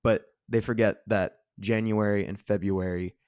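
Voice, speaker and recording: A man's voice: on the low side, steady tone, moderate pace, darkish tone, clean tone, no echo, studio quality. A man co-hosting a casual podcast, rambling with lots of filler words and restarts. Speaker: podcast co-host. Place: studio seated across from co-host.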